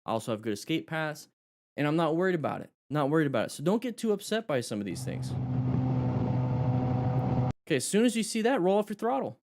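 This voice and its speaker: A man teaching a live motorcycle riding class to his viewers, energetic and a bit out of breath. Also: fairly high pitch, brisk, long pauses, noisy background. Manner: energetic, talks to viewers directly.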